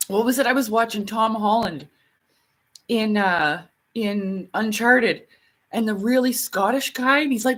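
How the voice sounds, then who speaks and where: A woman's voice: fairly high pitch, a little slow, fairly bright tone. A woman chatting casually on a livestream, rambling and laughing often. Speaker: livestream host.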